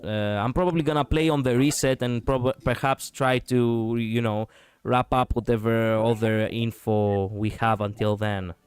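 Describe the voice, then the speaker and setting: A man from Europe hosting a livestream in easygoing chat. His voice is smooth and resonant, sitting at an average pitch. He rambles, repeats his phrases and laughs often. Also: little pitch movement, moderate pace, no room sound. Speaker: streamer host.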